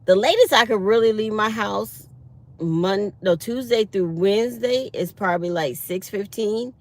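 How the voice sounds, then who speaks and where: A woman, chatting casually to her viewers from her parked car, telling lively stories with acted-out quotes. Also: mid-range voice, unhurried. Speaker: vlogger. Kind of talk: casual morning chat to viewers.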